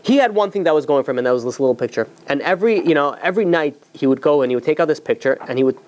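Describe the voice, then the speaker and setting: A man's voice: on the high side, expressive, rapid-fire, darkish tone. A man, a rabbi, telling a long story in a loose, conversational way, full of fillers and restarts. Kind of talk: storytelling talk.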